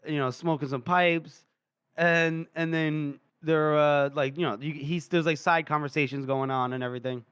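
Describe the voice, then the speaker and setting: A man's voice: a little high, steady tone, moderate pace, a bit bright, clear, resonant tone, no room sound, clean studio sound. A man co-hosting a casual book podcast, retelling scenes with lots of laughter, acted quotes and fillers. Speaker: podcast co-host.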